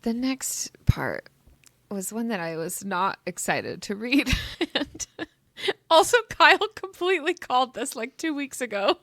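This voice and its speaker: A woman co-hosting a casual book club podcast, laughing often and reacting with animated feeling. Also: a little high, measured pace, no echo. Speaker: podcast co-host.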